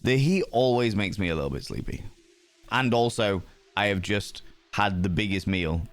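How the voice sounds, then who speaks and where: A man's voice: on the low side, normal speed. A man hosting a livestream, chatting casually with viewers in a playful, cheeky way with some swearing. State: sleepy. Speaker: livestream host.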